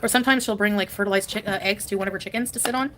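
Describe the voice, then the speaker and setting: A woman's voice: medium pitch, fairly even intonation, rapid-fire, fairly bright tone, slight background noise. Chatty woman streaming live from home. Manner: rambling, chatty, reacts to chat, laughs often. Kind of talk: casual live-stream chat.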